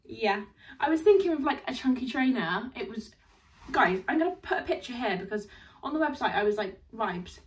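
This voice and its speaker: A woman's voice: fairly high pitch, lively intonation, fairly quick. A young woman chatting casually and bubbly through a dress haul, laughing often. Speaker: fashion vlogger. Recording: distant mic, faint room noise.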